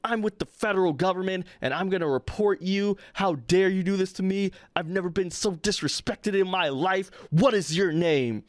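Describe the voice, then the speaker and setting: A man mimicking a shrill outraged woman. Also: moderate pace, hardly any pauses, dry recording, clean studio sound, natural voice. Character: indignant entitled woman visitor, furious.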